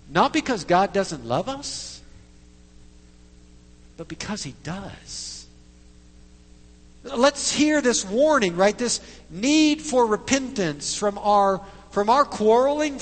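A man's voice: high voice, in a large hall. A man preaching a sermon as pastor, emphatic, with repeated tag questions to the congregation.

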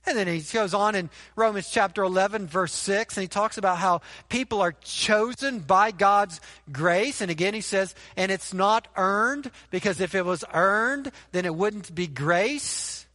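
A man's voice: high voice, a little slow, hardly any pauses, sharp tone, in a large hall. A man preaching a sermon, emphatic, repeating key phrases and asking rhetorical questions to the congregation. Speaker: pastor.

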